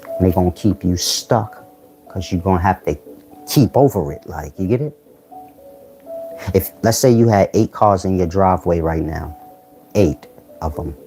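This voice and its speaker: Low, mellow-voiced man lecturing bluntly. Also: expressive, normal speed, pauses often, faint music behind. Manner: blunt streetwise slang, rhetorical questions to viewers. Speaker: channel host giving life advice. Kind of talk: casual philosophical monologue.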